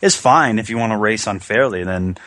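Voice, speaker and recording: Deep-voiced man in playful banter. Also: fairly quick, a bit bright, no room sound. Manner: teasing, mock-indignant banter. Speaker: podcast co-host. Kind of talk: casual chat.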